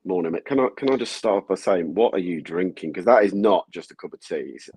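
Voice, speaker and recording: A man's voice: sits low, expressive, a little fast, warm tone, slightly rough, no echo. A man, a guest fan joining by video call, talking football in a blunt, matey way. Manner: blunt, matey, says "mate" often. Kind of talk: casual football chat.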